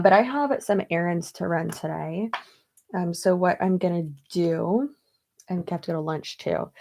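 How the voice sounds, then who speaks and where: A young woman chatting casually while getting ready for her day, rambling and laughing often. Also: medium pitch. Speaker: beauty vlogger. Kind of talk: casual get-ready-with-me chat.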